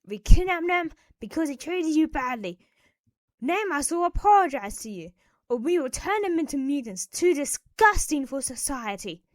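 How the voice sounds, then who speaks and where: In an animated story, a woman with a high voice plays a stern masked kidnapper, a man who lays down firm, threatening ultimatums at a moderate pace.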